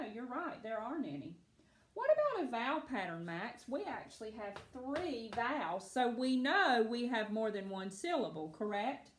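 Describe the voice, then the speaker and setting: Patient woman teaching phonics, echoey room. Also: fairly high pitch. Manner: patient, encouraging, slows to sound out words. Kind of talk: phonics lesson to young students.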